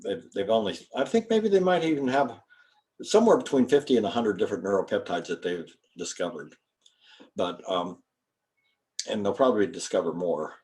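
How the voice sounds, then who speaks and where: Older guy rambling through a lecture, folksy, low voice. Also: animated, normal speed, a little mellow. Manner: folksy, rambling, spells out terms. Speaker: guest speaker, chiropractor. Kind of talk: informal lecture to students.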